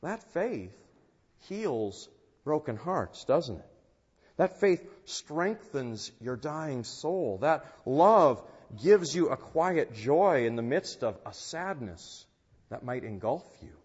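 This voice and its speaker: A man preaching a sermon in an earnest, unhurried way, rising in force on key phrases. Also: fairly high pitch, big pitch swings, darkish tone, breathy edge. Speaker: pastor. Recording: dull sound with long church reverb.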